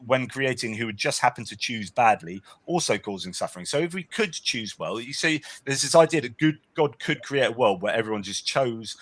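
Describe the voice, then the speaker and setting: A man argues his case as a guest in a relaxed conversation. His delivery is animated, with a pitch that rises and falls freely, and he keeps checking in with "right?". He speaks at a middling pitch for a man. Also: brisk, hardly any pauses. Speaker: guest author. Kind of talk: casual discussion.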